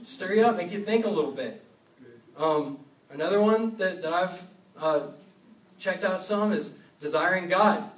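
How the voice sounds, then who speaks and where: A young man giving an energetic youth sermon, urging with short repeated commands. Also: high-pitched, measured pace, a little hiss or hum. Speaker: youth pastor. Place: church hall. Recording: echoey hall, mic from a distance.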